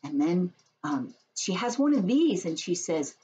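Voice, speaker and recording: Brief: preschool teacher, woman, expressive storybook reading, low-ish voice, bouncing pitch. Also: unhurried, breathy edge, lo-fi sound. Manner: gentle, expressive storytelling to small kids. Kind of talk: reading a picture book and chatting to young children.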